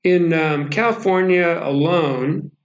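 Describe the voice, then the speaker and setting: A man's voice: a little high, slow, lo-fi sound. A man co-hosting a podcast in casual, joking chat, often rambling and stumbling over his words. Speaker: podcast co-host. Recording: echoey room with faint noise.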